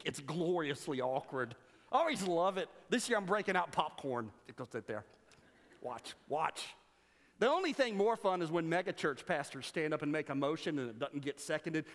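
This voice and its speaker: Male pastor, animated sermon delivery with sarcastic asides, slightly high voice, long hall reverb. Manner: animated storytelling with playful sarcasm.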